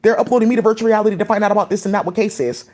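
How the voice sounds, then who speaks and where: A woman vlogging in a quick, tumbling stream of talk. Her thoughts jump from one thing to the next, held together by "like" and "um". Her voice sits at an ordinary middle pitch. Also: a little mellow, a little hiss or hum. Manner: rapid, scattered, many "like" fillers. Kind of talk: rambling casual monologue.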